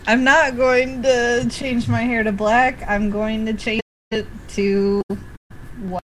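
A woman's voice: fairly high pitch, flat delivery, takes it slowly, a bit bright, slight background noise, poor audio. Chatty woman playing a tabletop game. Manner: chatty, rambling, many fillers. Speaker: player. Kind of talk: casual tabletop game play.

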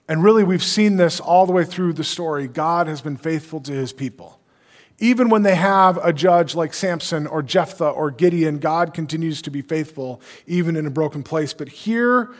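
A man preaching a sermon, reading scripture aloud and retelling the story in casual, everyday dialogue. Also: a little high. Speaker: pastor. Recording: long hall reverb.

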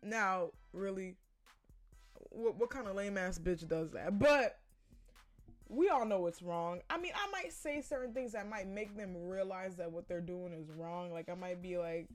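A woman's voice: medium pitch, a little slow, faint music behind. Blunt, profane woman podcast host. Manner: blunt and profane, laughing often. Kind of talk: casual opinion monologue.

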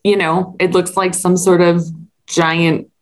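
A woman's voice: lowish voice, level tone, slow. A woman in her thirties co-hosting a podcast, chatting casually and laughing easily as she recaps a TV episode. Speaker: podcast co-host.

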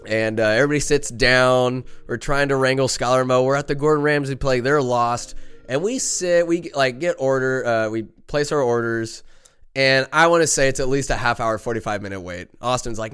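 A man's voice: medium pitch, a little fast, fairly bright tone, smooth. Rambling, profane young man telling a story. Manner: rambling, profane, self-mocking. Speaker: podcast host. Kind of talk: casual storytelling monologue.

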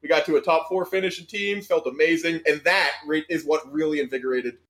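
A man's voice: a little high, fairly even intonation, brisk, a bit bright. A man in his thirties chatting casually as a podcast guest, self-deprecating and laughing often. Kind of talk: casual chat.

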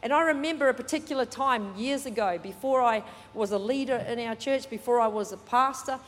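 A woman preaches a sermon with a bright, high voice. She talks in a chatty, animated way, slipping in jokes. Her voice rings with the long reverb of a large church hall. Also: brisk. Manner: chatty and animated, laughing, joking asides. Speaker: pastor.

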